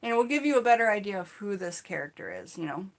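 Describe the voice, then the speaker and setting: A woman casually telling personal stories in an animated, chatty way, full of "like" and "you know". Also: mid-range voice, fast talker. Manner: animated, chatty, acts out her own shouts in the retelling; frequent fillers like "like" and "you know". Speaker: storytelling channel host.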